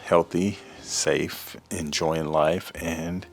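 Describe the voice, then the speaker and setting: A man with a very low, gravelly voice hosts his book channel from home. He chats in an easy, relaxed way as he reads out viewer comments and sometimes drops to a soft, quiet tone. Faint music plays under his voice. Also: very slow. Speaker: booktube host. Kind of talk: casual chat reading viewer comments.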